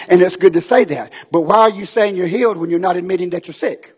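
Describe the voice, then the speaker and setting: A man preaching a fiery sermon in a church, building to shouts as he drives his point home. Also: high-pitched, fairly quick, breathy edge. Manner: impassioned preaching, rising to shouts. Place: church sanctuary. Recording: long echoing hall reverb.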